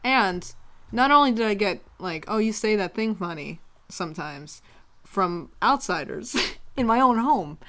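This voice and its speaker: A woman's voice: medium pitch, lively intonation, a little slow, sharp tone. A young woman from Pennsylvania co-hosting a podcast in casual chat, laughing often and playfully repeating words. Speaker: podcast co-host.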